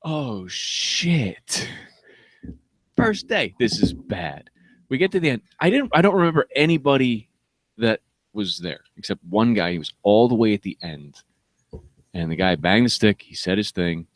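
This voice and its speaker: A man's voice: lowish voice, very animated, normal speed, dry recording. A man, a comedian co-hosting a podcast, telling a crude story in casual talk, swearing and laughing often. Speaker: podcast co-host.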